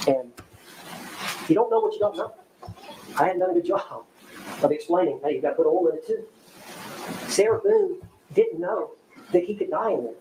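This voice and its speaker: Middle-aged man, defense attorney, closing argument, slightly high voice, echoey courtroom recording, noisy background. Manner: conversational, repeats key phrases for emphasis.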